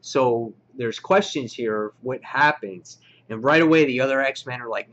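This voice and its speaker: A man's voice: mid-range voice, normal speed, a bit bright. Man, enthusiastic comic reviewer, rambly, fillers, dull lo-fi audio. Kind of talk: casual review walkthrough.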